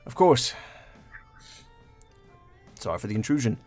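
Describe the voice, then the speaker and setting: A man voicing a gruff, grumpy male town guard who is curt and quick to shout. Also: mid-range voice, sing-song, soft background music. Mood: sheepish.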